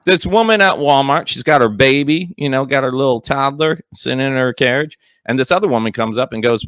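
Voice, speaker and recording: A man's voice: mid-range voice, a little fast, hardly any pauses, fairly bright tone, no room sound. A middle-aged man hosting a comedy podcast, telling stories in casual banter and acting out the people in them. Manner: storytelling, acting out quoted voices.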